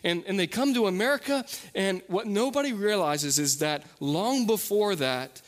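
A man preaching a sermon, his voice a touch higher than most. He leans in earnestly, then softens into quiet intensity on the main points. A long reverb from a large hall hangs on every phrase. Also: lively intonation, moderate pace. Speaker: pastor.

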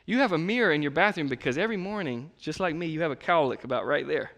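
A man in his thirties preaching a sermon in a conversational, animated way, acting out the voices of the people he quotes. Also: a little high, fast talker. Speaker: pastor. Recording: long reverb of a large hall.

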